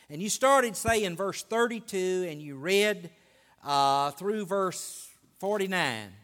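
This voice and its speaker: A man preaching a sermon, building excitement and stretching out key phrases. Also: high-pitched. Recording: long hall reverb.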